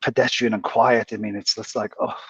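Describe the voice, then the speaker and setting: A man, a casino dealer, rambling through anecdotes and often clearing his throat. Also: fairly low pitch, level tone, a little fast, muffled recording, a little hiss or hum. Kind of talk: casual chat.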